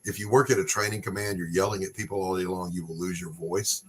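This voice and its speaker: A man hosting a casual livestream chat, gruff and profane, who is a former Marine drill instructor. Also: sits low, steady tone, fast talker, a little hiss or hum. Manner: gruff, profane, shifts into a barking command voice.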